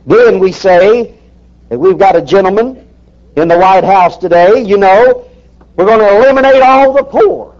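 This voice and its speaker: A man preaches a fiery sermon, emphatic and folksy, firing rhetorical questions at the congregation. His voice sits high with a darkish tone at a moderate pace. The lo-fi recording sounds dull.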